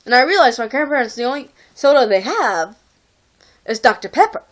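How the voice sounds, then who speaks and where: A woman's voice: high-pitched, very animated, brisk. A young woman from Texas telling a rambling, exasperated story to camera, recorded on a phone. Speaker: vlogger.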